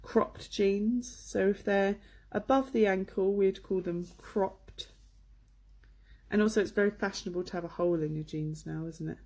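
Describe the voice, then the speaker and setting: A woman's voice: mid-range voice, steady tone, moderate pace, darkish tone. A woman from England giving a chatty, enthusiastic online English lesson, with many fillers, on a computer microphone. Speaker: English teacher.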